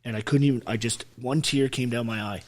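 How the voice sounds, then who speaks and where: A man's voice: mid-range voice, fairly even intonation, brisk, darkish tone. A man, an army veteran guest telling his story bluntly and with heavy swearing, acting out what others said. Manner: profane, blunt, acts out quoted speech. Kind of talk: emotional storytelling on a podcast.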